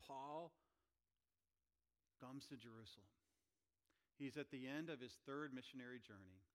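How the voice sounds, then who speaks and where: A man preaching a sermon, animated, acting out quoted voices with rising pitch and volume. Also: measured pace. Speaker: pastor.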